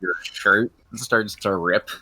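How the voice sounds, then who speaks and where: A young man narrating as game master of a tabletop game, halting with many fillers. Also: fairly low pitch, fairly even intonation, sharp tone.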